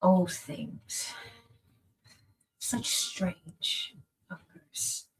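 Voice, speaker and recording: A man's voice: a little high, steady tone, moderate pace, lightly acted, poor audio. A woman voicing a weary older male records keeper who speaks politely and mutters to himself. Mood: muttering. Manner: polite, then murmuring to himself.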